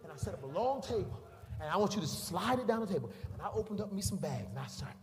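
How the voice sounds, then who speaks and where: A middle-aged man preaching, acting out a story with sound effects and voices for each person in it. His voice sits high and swings widely in pitch. The sermon carries through a reverberant hall with faint background ambience. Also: racing, slight background noise. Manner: animated storytelling, voices the people in it, makes beeping sounds. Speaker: pastor.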